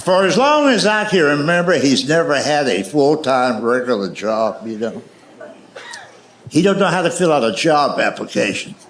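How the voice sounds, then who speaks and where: A man telling folksy stories on a comedy stage in a drawling, deadpan way. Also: mid-range voice, moderate pace, slight background noise. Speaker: stand-up comedian. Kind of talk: stand-up storytelling. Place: comedy stage before a live audience. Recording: echoey live venue.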